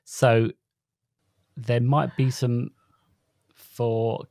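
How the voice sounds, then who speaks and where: A man co-hosting a casual podcast, talking in a halting way with frequent restarts and wry jokes. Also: mid-range voice, flat delivery, gravelly, darkish tone, no room sound, studio quality. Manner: halting, stumbles and restarts words; jokey, wry asides. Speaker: podcast co-host.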